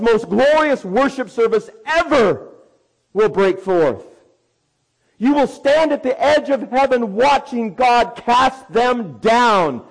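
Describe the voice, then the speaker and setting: A man preaching a sermon in a fairly high voice. He moves from soft, quick asides to loud, fervent proclamation. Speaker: pastor.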